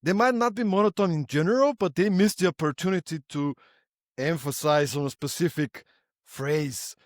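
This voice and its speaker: A man hosting a podcast, asking thoughtful, drawn-out questions in a conversational way. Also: fairly high pitch, no room sound, clean studio sound. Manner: thoughtful, sets up questions at length. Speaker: podcast host.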